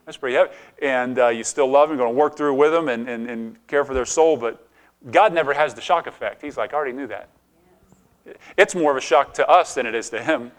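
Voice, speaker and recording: Preaching a conversational sermon, a middle-aged male pastor asks the congregation questions and often begins his sentences again. He has a mid-range voice and talks a little fast.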